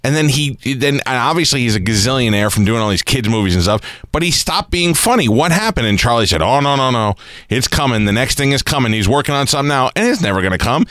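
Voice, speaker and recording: Lively-voiced male radio host. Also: mid-range voice, fast talker, no echo, clean studio sound. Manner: chatty, asks probing questions. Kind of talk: casual radio interview.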